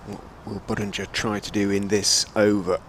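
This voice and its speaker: Low-voiced male cricket commentator. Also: level tone, fairly bright tone, a little hiss or hum. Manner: measured, storytelling between deliveries. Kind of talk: live ball-by-ball cricket commentary.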